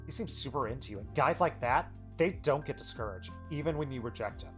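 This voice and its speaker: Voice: medium pitch, animated, fairly quick, soft background music, lightly acted. A streamer reading lines as a mischievous teenage girl mage who teases and jokes in a slangy way. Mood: teasing. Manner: playful and teasing, slangy.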